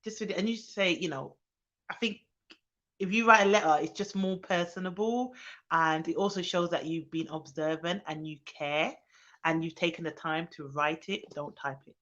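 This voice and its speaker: A young woman with a bright, forward voice talks casually on her live stream, reading out comments and breaking into excited hellos. The sound is dull and lo-fi. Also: sits low, moderate pace. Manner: chatty, reads viewer comments aloud, bursts into excited greetings. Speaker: nanny hosting a live stream.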